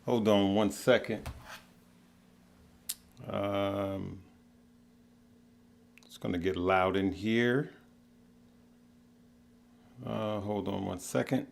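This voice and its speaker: A middle-aged man hosting a casual livestream, greeting viewers by name in a relaxed, heartfelt way. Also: on the low side, very slow, gravelly, pauses often, slight background noise. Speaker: livestream host.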